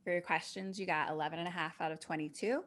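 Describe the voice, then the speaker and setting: A woman co-hosting a podcast, retelling a horror episode in casual chat with profane, animated storytelling and acted-out voices. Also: lowish voice, fast. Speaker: podcast co-host. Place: live event stage.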